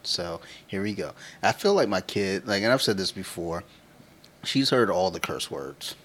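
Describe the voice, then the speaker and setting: A man's voice: low-pitched, lively intonation, moderate pace, a bit bright, slightly rough. A man in his thirties co-hosting a podcast, telling loose, profane stories in casual chat and laughing often. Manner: laughs often while talking. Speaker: podcast co-host.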